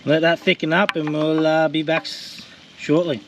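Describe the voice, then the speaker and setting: A man's voice: on the high side, level tone, moderate pace, fairly bright tone, a little hiss or hum. An Australian man chatting casually as he cooks for his vlog, loose and joking, with plenty of fillers. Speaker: vlogger cooking on camera. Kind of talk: casual cooking vlog chat.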